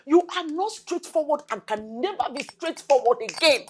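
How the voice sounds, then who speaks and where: A woman with a Nigerian accent playing a stern, preachy mother who scolds and shouts at her daughter in a film drama. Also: sits high, animated, moderate pace. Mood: shouting.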